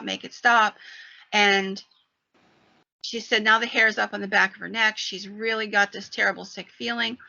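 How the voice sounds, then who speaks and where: Woman podcast host, paranormal storyteller; gravelly, lo-fi. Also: medium pitch. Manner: animated retelling of a story. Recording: dull lo-fi sound.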